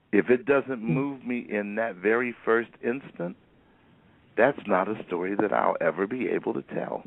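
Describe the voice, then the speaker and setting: A man's voice: lowish voice, no room sound. A male storyteller talking earnestly and reflectively about his craft. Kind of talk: storytelling talk. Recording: dry, phone-like narrow sound.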